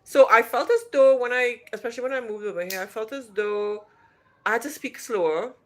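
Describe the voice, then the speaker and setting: Fairly high-pitched and a little fast, this woman's voice has a fairly bright tone. She's from Trinidad and Tobago with a faint Trinidadian accent, hosting a casual livestream from a hotel room. She answers viewer questions in a chatty, rambling way, restarting often.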